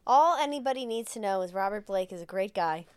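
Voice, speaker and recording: A woman co-hosting a casual podcast, chiming in with quick, jokey remarks. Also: mid-range voice, animated, clean tone, no room sound. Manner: quick-witted, jokey interjections. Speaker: podcast co-host.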